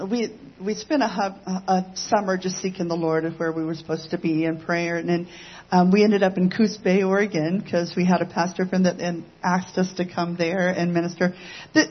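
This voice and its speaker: A woman, a pastor's wife, telling her part of a testimony in a casual, halting way. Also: lowish voice, dull audio. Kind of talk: testimony sermon.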